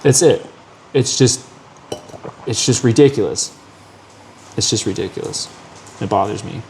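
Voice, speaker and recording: A man's voice: lowish voice, measured pace, slight background noise. A man hosting a podcast, telling a long story in casual chat, swearing often and acting out the people in it. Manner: profane, animated storytelling with acted quotes. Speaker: podcast host.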